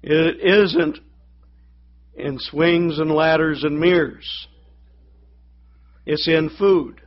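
Male pastor, storytelling sermon delivery, slightly high voice, lo-fi recording. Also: animated, very slow. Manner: storytelling, acts out voices in the joke. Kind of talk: sermon with a joke.

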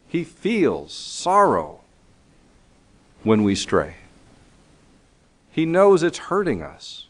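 A man's voice: on the high side, wildly swooping pitch, extremely slow, long pauses. A man preaching a sermon in an earnest, emphatic way, reading scripture aloud, his voice still recovering from being lost.

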